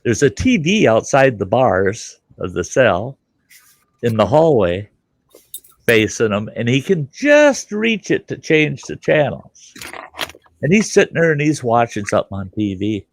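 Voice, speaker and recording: A man's voice: medium pitch, very animated, measured pace, no echo. A man telling a rambling, profane story as the host of a casual chat.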